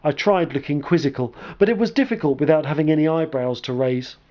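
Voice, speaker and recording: A man narrating a scripted comic story in a wry, deadpan manner. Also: a little high, a little fast, dull audio. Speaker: storyteller and game reviewer.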